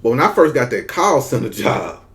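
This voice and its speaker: A man's voice: medium pitch, sing-song, moderate pace, fairly bright tone. A man from Mississippi with a country Southern drawl, telling a story in a casual, slangy monologue and dragging his words. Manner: laid-back, drags words, slangy, frequent "you know what I'm saying". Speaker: content creator.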